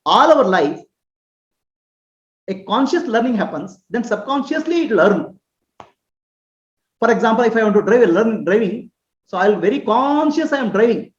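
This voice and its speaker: A woman giving a spiritual teaching, explaining patiently and often pausing to ask whether listeners follow. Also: mid-range voice. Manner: earnest, explanatory, often checks understanding with questions. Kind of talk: spoken teaching on self-acceptance. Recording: roomy, slightly dull recording.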